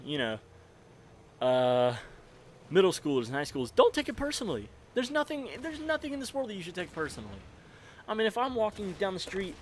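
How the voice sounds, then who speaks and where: A man's voice: on the high side, a little hiss or hum. A nineteen-year-old man telling a rambling, profane story on his gaming channel, laughing often, into a desk mic. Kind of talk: casual storytelling while gaming. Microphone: desk microphone.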